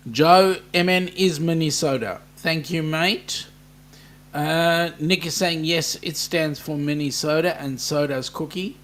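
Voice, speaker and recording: An Australian man with a slightly raised pitch chats casually on a live stream, reading out viewer comments one by one. He talks back to them in a loose, easygoing way, with lots of "mate" and "um". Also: fairly bright tone. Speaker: livestream host reading chat. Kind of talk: casual livestream chat.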